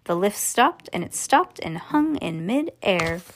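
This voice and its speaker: A woman casually reading a storybook aloud to children, relaxed and sometimes stumbling over words. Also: medium pitch, a little slow, a little hiss or hum. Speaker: reader to children.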